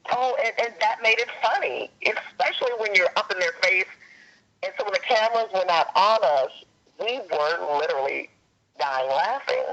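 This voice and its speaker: A woman actor telling a lively story in a casual interview, acting out what other people said. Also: mid-range voice, normal speed. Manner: animated storyteller, acts out quotes in a raised voice. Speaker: actor guest. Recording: dull lo-fi sound.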